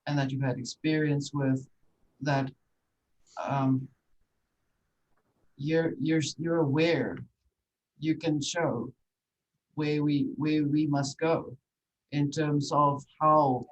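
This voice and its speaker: A podcast host in an interview, musing and speculating, thinking out loud. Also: medium pitch, fairly even intonation, takes it slowly, long pauses, muffled recording.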